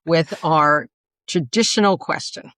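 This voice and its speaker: Enthusiastic co-host with a New York accent. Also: female voice, deep voice, a little slow, no room sound. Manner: expressive, enthusiastic, lively emphasis. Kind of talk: podcast introduction.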